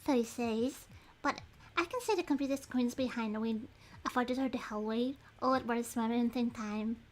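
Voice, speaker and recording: A woman streaming a detective game, chatting in a rambling, apologetic and excitable way as she reads clues and thinks out loud. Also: on the high side, moderate pace. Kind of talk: casual livestream chat.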